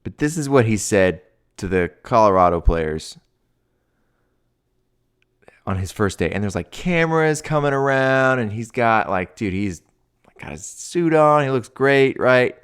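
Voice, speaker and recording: A man with a medium-pitched, smooth voice and lively intonation speaks at a measured pace. He's a swim coach hosting a show, offering loose, slangy sports commentary packed with "like" and "dude" that grows heated into a rant.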